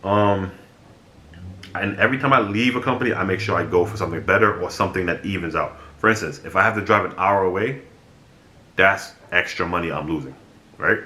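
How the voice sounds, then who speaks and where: Deep-voiced man telling a story bluntly. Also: fairly quick. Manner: blunt and animated, swears freely. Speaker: vlogger. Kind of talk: casual storytelling monologue. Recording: echoey room.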